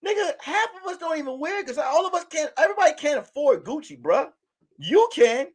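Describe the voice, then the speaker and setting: A man's voice: very high-pitched, sing-song, fairly quick. A man hosting a casual livestream commentary, joking and acting out quotes in mock voices. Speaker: livestream host.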